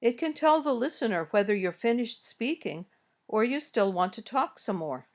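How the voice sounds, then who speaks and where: An American woman reading a scripted English lesson, modeling sentences slowly and carefully as a teacher. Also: fairly high pitch, animated. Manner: slow, careful, clearly modeled example sentences. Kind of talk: scripted instructional narration.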